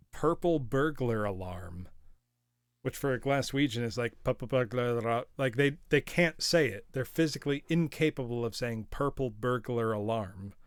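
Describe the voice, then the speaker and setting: A man's voice: medium pitch, a bit bright, smooth, dry recording, studio quality. Chatty, playful male game streamer. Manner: chatty, playful, laughs often, addresses viewers as class. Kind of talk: live gaming commentary.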